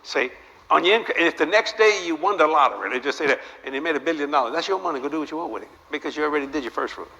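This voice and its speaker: A man's voice: a little high, racing, vocal fry. An older man preaching a sermon to a live audience, telling stories with jokes and firing rhetorical questions at the crowd. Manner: animated, joking storytelling with repeated rhetorical questions. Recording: long hall reverb, faint background noise.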